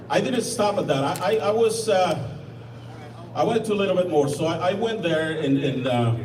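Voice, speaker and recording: A man's voice: medium pitch, background noise. A man from Mexico with a Mexican Spanish accent gives an impassioned outdoor rally speech, often stumbling and restarting. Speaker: rally speaker. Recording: echoey, from far off, crowd behind.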